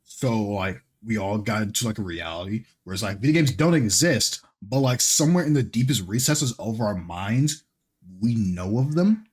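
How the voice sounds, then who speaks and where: A man co-hosting a casual podcast chat, talking in an animated way that sometimes drops to a mumble. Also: on the low side, moderate pace, breathy edge. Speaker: podcast co-host.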